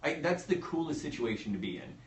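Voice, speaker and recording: A man's voice: a little high, sing-song, fast, recorded from a distance. A man from the Midwest, a stand-up comedian, chatting casually about comedy in a rambling, enthusiastic way with many restarts. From American Midwest. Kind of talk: casual chat. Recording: echoey room, off-mic.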